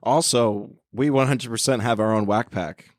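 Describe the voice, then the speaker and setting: A man's voice: medium pitch, normal speed, no echo, clean studio sound. A man co-hosting a podcast, chiming in and laughing along in casual chat. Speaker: podcast co-host.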